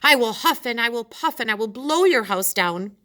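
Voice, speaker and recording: A furious male magic shark from a storybook, shouting his threats high and loud, as a woman reading aloud puts him on. His voice is bright and sharp, pushed well above an ordinary speaking pitch. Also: very animated, a little slow, exaggerated voice. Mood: threatening.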